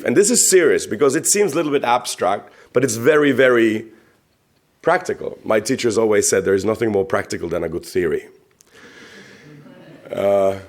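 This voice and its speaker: Male economist from the Czech Republic, mid-pitched, conversational lecture with rhetorical questions and stumbling repeats. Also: creaky. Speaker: economist giving a talk. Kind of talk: public talk. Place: conference venue.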